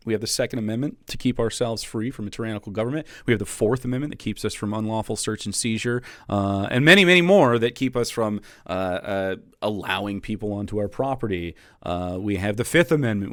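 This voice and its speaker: A man's voice: on the low side, no echo, studio quality. Profane, sarcastic male streamer. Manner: profane, sarcastic, laughing often. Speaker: streamer and political commentator. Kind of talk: live reaction commentary.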